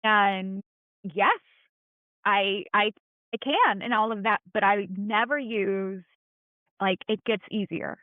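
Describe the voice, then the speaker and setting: A woman's voice: mid-range voice, slow, pauses often, no echo. Woman guest talking straight from the heart, plain-spoken and reassuring, sounds like a phone line. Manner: earnest, encouraging, plain-spoken. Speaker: podcast guest. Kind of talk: candid heartfelt conversation. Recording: tinny phone-like line, dry.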